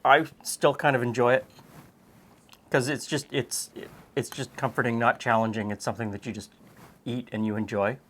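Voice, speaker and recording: A man's voice: mid-range voice, fairly even intonation, moderate pace, a bit bright. A man hosting a home cooking show, talking casually and chattily as he cooks, with frequent ums. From Canada.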